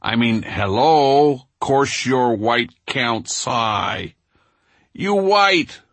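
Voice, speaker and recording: A man voicing a brash jailed homeboy who shouts dismissively over a noisy jail phone line in street slang. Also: medium pitch, expressive, very slow, no echo, pitched above the performer's own voice.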